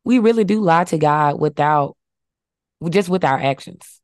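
A woman with a lower voice co-hosts a faith podcast on a dry, close mic. She reads scripture aloud and teaches in numbered points, affirming her co-host along the way. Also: animated, a little slow, darkish tone, no echo. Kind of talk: casual faith talk with scripture.

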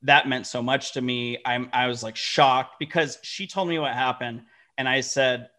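A man, a company founder guest telling lively, profane stories in a casual interview. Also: medium pitch, moderate pace. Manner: animated, profane, acts out quoted dialogue.

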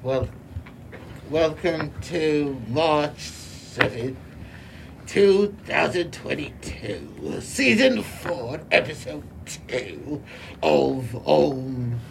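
A woman's voice: sits low, sing-song, very slow, gravelly, noisy background. A woman co-hosting a playful home show, talking in a giggly, put-on British accent. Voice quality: giggly, mock-posh. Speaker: co-host.

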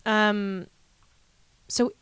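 A woman's voice: medium pitch, steady tone, extremely slow, fairly bright tone, smooth, no room sound. A woman in casual conversation, candidly telling a personal story and laughing often. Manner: candid, laughs often, quotes people in voices.

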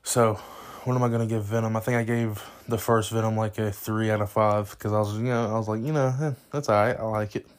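A young man talks through a movie review in a loose, rambling way, restarting sentences and leaning on "you know." His voice sits low and stays fairly even in pitch, even when he gets excited. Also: brisk, few pauses. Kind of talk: casual spoken movie review.

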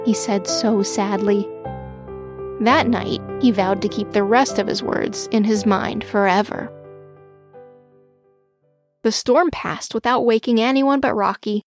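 A woman narrating a children's storybook in a gentle, expressive way. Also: medium pitch, a little slow, pauses often, music in the background.

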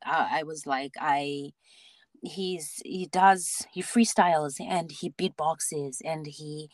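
Woman guest on a podcast, lowish voice, rambles and restarts a lot, dry sound. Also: takes it slowly, dry recording. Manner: animated storytelling with many restarts and laughs. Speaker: podcast guest, mother and theatre actor. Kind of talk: casual interview chat.

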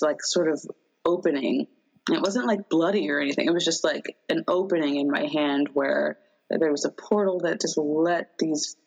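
A woman in casual chat, telling a long dream in a rambling, animated way with many fillers. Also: low voice, low-quality recording.

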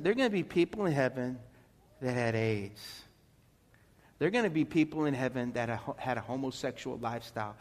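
A male pastor preaching a sermon, emphatic, peppering the congregation with rhetorical questions. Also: medium pitch. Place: church sanctuary. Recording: long reverb in a church hall.

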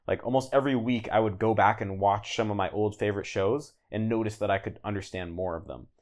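A language learner appearing as a podcast guest talks casually and at length, his lowish voice a little fast. He's relaxed and rambling, full of "like"s, fillers and restarts.

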